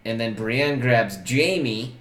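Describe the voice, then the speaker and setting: A man's voice: medium pitch, slow, a bit bright, roomy sound, a little hiss or hum. A man co-hosting a podcast, chatting casually and recapping scenes, swearing freely. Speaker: podcast co-host. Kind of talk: casual chat.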